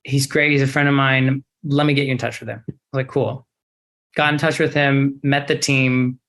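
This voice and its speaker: A young adult man, an actor guest in a casual interview, telling a story in a lively, expressive way. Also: mid-range voice, normal speed.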